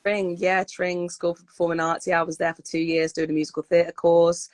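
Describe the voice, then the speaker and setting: A woman's voice: lowish voice, level tone, brisk, dry recording. Upbeat young woman, dry close sound. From United Kingdom. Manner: upbeat, loose, many fillers and repeats. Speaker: interview guest. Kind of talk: casual interview chat.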